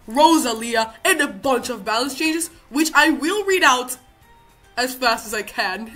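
A young woman giving loud, excitable gameplay commentary, swearing now and then and reading out game text. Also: on the high side. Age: young adult. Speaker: gaming video creator.

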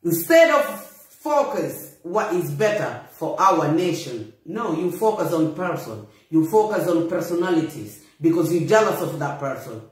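A man with a high voice delivers a slow, contemptuous rant, scolding his listeners directly. His speech carries strong echo, as if from a bare, hard-walled room. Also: very animated. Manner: scolding, contemptuous, non-native English phrasing. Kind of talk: angry direct-to-camera rant. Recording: very echoey room.

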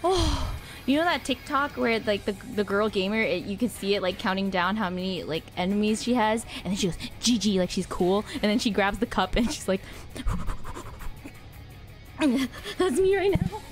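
A woman giving live gameplay commentary, excitable and breathless, shrieking and gasping as she plays. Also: mid-range voice, a little fast, few pauses. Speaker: gamer streamer. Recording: game music playing loudly behind.

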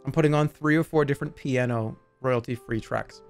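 A man streaming from his room at home, chatting casually in a joking, excitable way with sudden loud outbursts. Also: medium pitch, brisk, soft background music. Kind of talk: casual live-stream chat.

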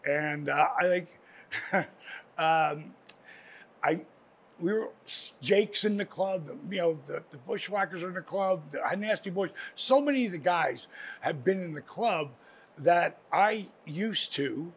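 An older man, a former wrestler, telling stories as a guest in a casual interview, animated and swearing now and then. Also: sits high, a little slow, breathy edge. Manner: animated, swears, slips into impressions.

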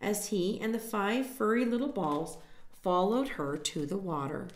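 A woman reading a picture book aloud to children, gently stopping to explain words and point at the pictures. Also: medium pitch, animated, measured pace. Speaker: storytime reader. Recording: echoey room.

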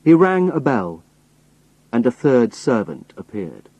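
Slow, expressive male storyteller. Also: medium pitch, no echo, highs cut off. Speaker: audiobook narrator. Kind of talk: scripted first-person narration of a novel.

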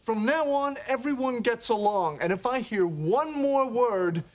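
A man's voice: very high voice, lively intonation, a little slow, background noise. An actor playing an eager young groom who insists and jokes with his friends. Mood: insistent. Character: excitable young groom, fussy and earnest. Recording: sitcom clip with audience laughter.

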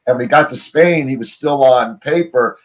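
Speaking at normal speed in a mid-range voice, a middle-aged man from the United States appears as an interview guest over a remote call. He rambles loosely through his story, peppering it with "you know" and breaking off to restart sentences.

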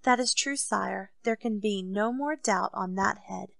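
A woman reading aloud voices a loyal male captain of musketeers, speaking in measured, deferential pleading to his king. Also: medium pitch, gravelly, fairly bright tone, no echo. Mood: respectful.

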